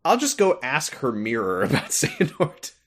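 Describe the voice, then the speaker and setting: A man putting on a blunt, clueless young male hero in a podcast recap, with a flat, offhand delivery. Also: mid-range voice, moderate pace, pitched above the performer's own voice. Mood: deadpan.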